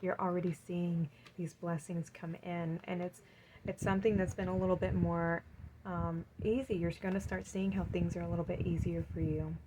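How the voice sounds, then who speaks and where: Gushing woman tarot reader, lowish voice. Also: flat delivery, moderate pace, noisy background. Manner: gushing, encouraging, reads card affirmations aloud. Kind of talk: pick-a-card reading.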